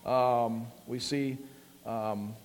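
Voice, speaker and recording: A man preaching a sermon, casual and full of fillers, then building to emphatic peaks. His voice sits at an ordinary middle pitch. A long reverb trails behind him, as in a church hall. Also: steady tone, drawn-out words.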